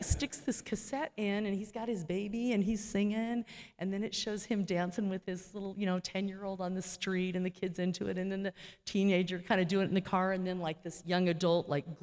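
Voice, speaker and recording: A middle-aged woman gives an informal, heartfelt church talk, full of fillers, that closes with a prayer. Her voice is lowish, steady, a little mellow, at normal speed, and she is near tears while telling a story. Long hall reverb colors the recording.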